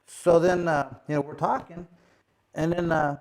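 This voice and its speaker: Animated middle-aged man telling a story. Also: on the high side, unhurried. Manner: animated, acts out quoted voices, many fillers. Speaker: host, former boxing champion. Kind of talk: casual storytelling.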